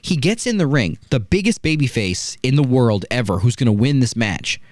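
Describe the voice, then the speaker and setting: A man's voice: medium pitch, moderate pace, dry recording, clean studio sound. A man hosting a casual wrestling review, telling stories with lots of "right?" asides. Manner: animated storytelling, rhetorical "right?" asides. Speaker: wrestling podcast host.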